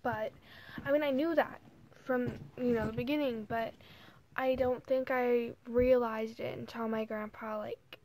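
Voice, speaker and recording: A teenage girl speaks in a slightly high voice, unhurried and halting, with lots of "like" and "you know". She sounds close to tears but keeps it together. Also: fairly even intonation. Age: teens. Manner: soft, hesitant, full of "like" and "you know". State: holding back tears. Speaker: vlogger. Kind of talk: casual emotional vlog.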